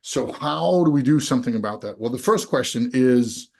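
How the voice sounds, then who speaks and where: A man in his forties from Denmark, hosting and coaching a guest in a frank, energetic way, full of rhetorical questions. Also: mid-range voice, normal speed, vocal fry. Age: 40s. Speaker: host, business coach. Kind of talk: coaching conversation.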